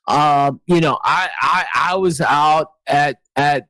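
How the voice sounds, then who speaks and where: Slow-talking ranting man, high voice. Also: sharp tone, no room sound, low-quality recording. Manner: profane, ranting, halting restarts. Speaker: show host. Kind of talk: heated livestream banter.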